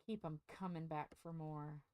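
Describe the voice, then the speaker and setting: A woman hosting a crafting channel in casual chat, frank and rambling, her strained, scratchy voice dipping up and down and turning squeaky. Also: steady tone, unhurried, warm tone, no echo. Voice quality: voice dips up and down in pitch, turns squeaky. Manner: frank, rambling, self-deprecating.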